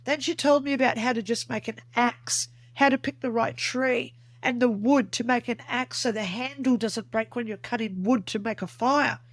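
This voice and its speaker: Woman guest telling her story in an interview, kinda high voice, dry close sound, earnest and detailed. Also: normal speed, hardly any pauses, dry recording. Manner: earnest, vivid storytelling that acts out remembered dialogue. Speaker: podcast guest. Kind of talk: recounting a personal experience in an interview.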